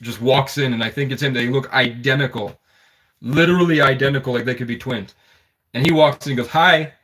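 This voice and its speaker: A man's voice: medium pitch, steady tone, brisk, fairly bright tone. A man telling a personal story in an intense, rambling, conspiratorial monologue.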